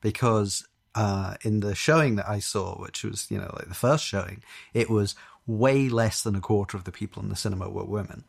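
Thoughtful British man, low voice. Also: a little fast, creaky, slightly rough. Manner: thoughtful, with many fillers. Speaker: podcast panelist. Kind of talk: casual chat.

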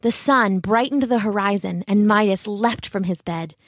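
A woman's voice: medium pitch, normal speed, dry recording, studio quality. A woman narrating a fairy tale steadily, with asides to the listener. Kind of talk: storybook narration.

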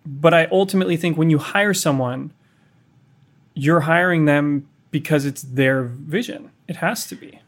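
A man with a fairly high voice co-hosts a casual podcast. He explains his points patiently and pushes back with reasoned counterarguments. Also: normal speed. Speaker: podcast co-host.

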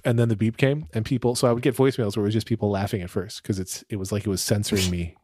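A man's voice: lowish voice, racing, few pauses, husky. A man co-hosting a podcast, chatting casually and acting out funny quotes in his stories. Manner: animated storyteller, acts out quotes. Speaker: podcast co-host. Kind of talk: casual chat.

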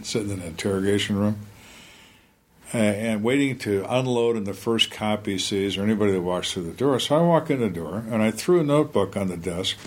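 Man, middle-aged, former interrogator, low husky voice, animated storytelling, casual interview. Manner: animated, acts out the people in his stories.

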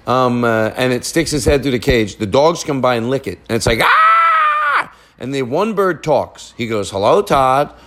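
A man hosting a podcast, chatting from a family living room. He rambles, loses the thread and jokes his way along. His voice sits at an ordinary middle pitch. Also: expressive, moderate pace, few pauses. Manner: rambling, joking storyteller, wanders off-track. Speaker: podcast host. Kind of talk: casual chat.

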